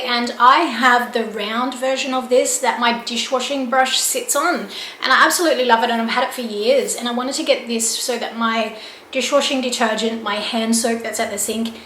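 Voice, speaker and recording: A woman's voice: on the high side, fairly even intonation, moderate pace, pushed and bright, slight background noise. An Australian woman chatting casually and upbeat about home products she bought, filmed at home. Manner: chatty, upbeat product talk with light laughs. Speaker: home and lifestyle vlogger. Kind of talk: casual chat. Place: at home, indoors. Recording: echoey room, faint ambience.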